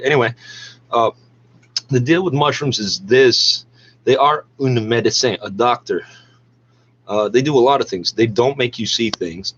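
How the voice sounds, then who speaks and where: A man's voice: medium pitch, muffled recording, a little hiss or hum. A man delivering a heated, sarcastic, profane monologue and talking back at the radio. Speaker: podcaster ranting over radio news.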